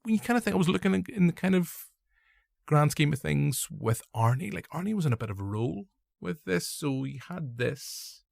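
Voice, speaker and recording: A man's voice: on the high side, very animated, brisk, vocal fry, darkish tone, dry recording, clean studio sound. A man with a Northern Irish accent hosting a casual film review podcast, rambling and joking at his own expense. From Northern Ireland. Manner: rambling, jokey, self-deprecating. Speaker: podcast host.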